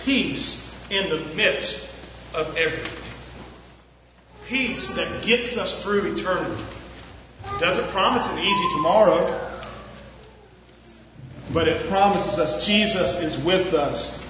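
A man preaching a sermon as pastor, earnest and unhurried with long pauses, in a church. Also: high-pitched, sharp tone, slight background noise. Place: church sanctuary. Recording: echoey, muffled church recording from far off.

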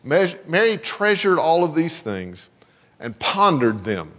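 Male pastor, high and animated, delivering a casual sermon in a reverberant church. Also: slow. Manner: conversational, chuckling asides between scripture readings. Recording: long hall reverb.

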